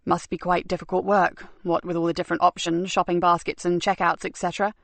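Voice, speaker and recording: A woman voicing a calm, polite male detective sergeant, speaking low, quiet and measured. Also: creaky, no echo.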